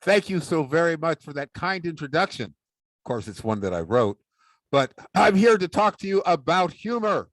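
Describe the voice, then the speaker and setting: Playful man with a lively voice. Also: a little high, moderate pace, no echo. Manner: playful, mock-serious. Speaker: public speaking champion giving a talk. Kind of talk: humorous speech with ventriloquism.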